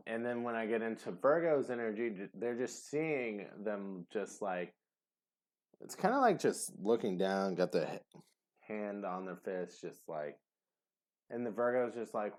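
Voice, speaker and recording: Rambling man with a lowish voice. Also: animated, measured pace. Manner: rambling and hesitant, many fillers. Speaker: tarot reader. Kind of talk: casual tarot reading to camera.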